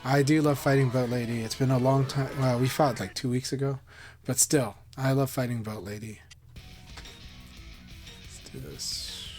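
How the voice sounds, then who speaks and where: A man's voice: medium pitch, fairly even intonation, brisk, darkish tone, soft background music. A man live-streaming a fighting game, chatting casually and encouragingly with viewers.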